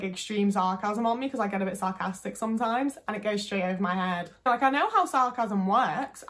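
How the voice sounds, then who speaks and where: Young woman rambling away on her vlog, casual, lots of likes. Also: mid-range voice. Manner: chatty, swears, many fillers. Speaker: vlogger. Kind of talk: casual chat to camera.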